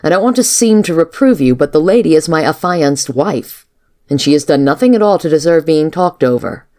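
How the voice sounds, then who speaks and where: A woman reading the lines of a flustered, lovestruck male army major in a storybook, in a low plain voice. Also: animated, a little fast, warm tone. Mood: earnest.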